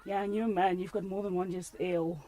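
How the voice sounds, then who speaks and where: A woman's voice: on the low side, little pitch movement, fast, mellow, slight background noise. A woman teaching a first-aid class, quizzing her student and joking with frequent laughter. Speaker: CPR instructor.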